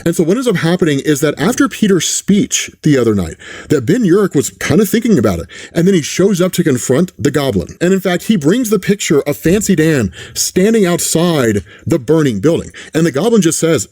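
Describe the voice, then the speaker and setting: A man casually retelling and reviewing a comic book, animated and often checking in with the listener. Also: on the high side, normal speed, slightly rough, no echo, clean studio sound. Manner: animated, keeps asking "right?". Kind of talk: casual commentary.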